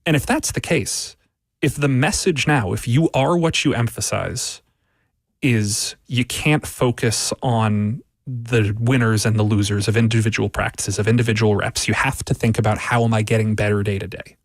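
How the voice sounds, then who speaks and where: A man talking football on sports radio as a writer, laying out his argument with repeated phrases and quick asides. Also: on the low side, no echo.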